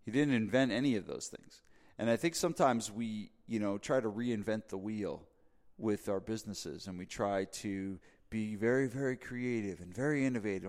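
A man's voice: lowish voice, normal speed, in a large hall. A man from New Jersey, a podcast host, telling a casual story full of fillers and asides. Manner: rambling, filler-heavy, animated when making a point.

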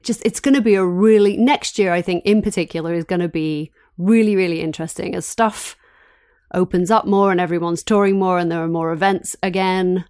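A woman co-hosting a podcast in casual chat, talking in an animated way and laughing between points. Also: fairly low pitch, a little fast, smooth, no echo, studio quality. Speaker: podcast co-host.

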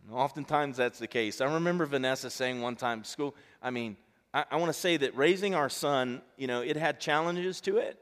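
A middle-aged male pastor preaching a sermon in a relaxed, conversational way, telling family stories and acting out the dialogue. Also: medium pitch, moderate pace. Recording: long reverb of a large hall.

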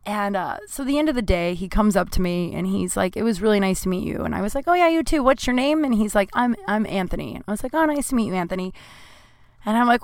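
Young woman comic rambling thru a story, smooth voice, dry close sound. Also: mid-range voice, expressive, quick pace, a little mellow, no room sound. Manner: chatty, rambling, self-deprecating asides. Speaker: comedian.

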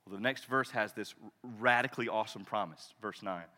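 Male preacher, passionate sermon delivery, bright, forceful tone, long reverb of a large church. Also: lowish voice, fairly quick. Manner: passionate, swings from loud declarations to hushed intensity.

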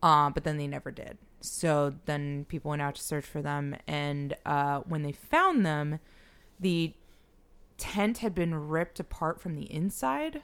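A woman's voice: sits low, a little slow, clear, resonant tone. A young woman in casual chat, telling a story with many fillers and frequent laughter. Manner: laughs often, rambling with fillers.

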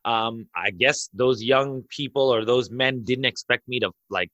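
A man with a bright, forceful voice recounts a story in a podcast chat. He is excitable, laughs between lines and rushes in bursts. The sound is close and dry. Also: medium pitch, dry recording, muffled recording. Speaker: imam and podcast guest.

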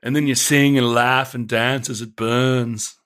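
A man's voice: mid-range voice, flat delivery, unhurried, a bit bright, lightly acted. A man playing a drunken male pub regular from a remote island, in a British accent drifting toward Liverpool, breezy and laughing about grim customs. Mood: cheerfully matter-of-fact. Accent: British, shifting toward Liverpool. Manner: cheerfully casual about grisly things, laughs often. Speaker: improv character guest. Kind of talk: comedic improv character interview.

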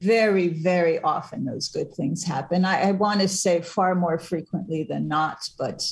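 Lively older woman telling a story. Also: on the low side, moderate pace, gravelly. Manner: animated storyteller, laughs mid-sentence. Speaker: guest author. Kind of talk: casual interview conversation.

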